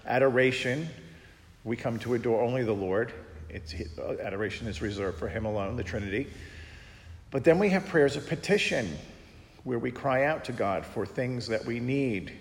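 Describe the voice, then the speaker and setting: Male priest, conversational teaching talk, storytelling, long hall reverb, mid-pitched voice. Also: expressive, moderate pace. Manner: conversational, teaching with anecdotes and impressions. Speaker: Catholic priest.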